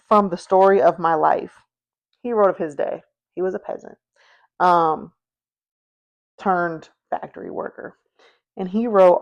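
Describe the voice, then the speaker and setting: A woman hosts a history podcast and talks it through slowly and unhurriedly. Her voice sits a little low, and her telling is chatty and informal. She keeps checking in with her listeners as she goes. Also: steady tone, vocal fry, darkish tone. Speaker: podcast host. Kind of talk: casual history storytelling.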